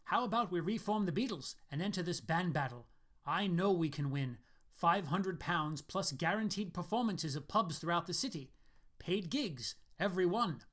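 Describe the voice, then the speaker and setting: A man's voice: sits high, expressive, normal speed, fairly bright tone. A man voicing a restless, persuasive middle-aged ex-rock musician in a story reading. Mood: urgent. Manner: urgent, persuasive.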